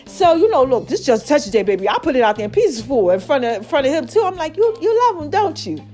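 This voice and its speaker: A woman's voice: high voice, very animated, quick pace, warm tone, faint music behind. A woman hosting her own podcast, telling a story in a chatty way and talking straight to her listeners. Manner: chatty, addresses listeners directly as "baby" and "y'all". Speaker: podcast host. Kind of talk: casual storytelling monologue.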